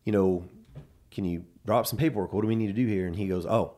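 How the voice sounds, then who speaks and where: Low-voiced man telling a story. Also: fast talker. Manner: animated storyteller acting out quoted dialogue. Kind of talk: casual storytelling.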